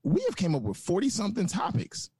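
A man co-hosting a podcast, ranting and telling stories in an animated way. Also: high voice, fairly quick, breathy edge, dry recording, clean studio sound. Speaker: podcast co-host. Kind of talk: casual chat.

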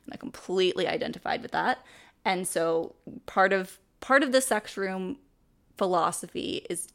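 A woman co-hosting a podcast in casual chat, animated and laughing as she acts out quoted lines. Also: lowish voice, normal speed, gravelly. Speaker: podcast co-host.

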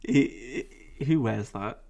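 Man, mid-range voice, relaxed self-deprecating podcast co-host. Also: mid-range voice, slow pace, gravelly, slightly rough. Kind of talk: casual chat.

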